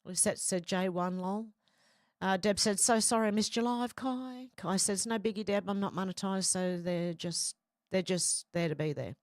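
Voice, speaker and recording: A woman's voice: mid-range voice, moderate pace, dry recording, studio quality. A middle-aged woman, hosting a casual livestream and reading viewer comments aloud in a chatty way. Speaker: livestream host reading chat. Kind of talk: casual chat.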